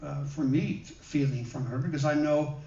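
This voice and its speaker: Guy giving a gentle chatty sermon, kinda high voice, roomy hall sound, dull mic from far off. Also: steady tone. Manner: gentle, conversational, with many pauses and fillers. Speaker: guest minister. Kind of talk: sermon with personal stories. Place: church hall.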